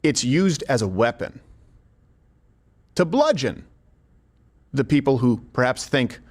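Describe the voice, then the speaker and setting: A man's voice: medium pitch, lively intonation, takes it slowly. A man hosting political commentary, addressing viewers directly in an emphatic, argumentative way. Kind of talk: scripted commentary narration.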